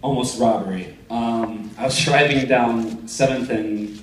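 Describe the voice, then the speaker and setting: A man's voice: medium pitch, measured pace, a little hiss or hum. A young man doing a stand-up comedy set, telling stories and acting out the people in them. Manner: animated storytelling, acting out quoted voices. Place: comedy theater stage. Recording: echoey theater from a distance, crowd laughter.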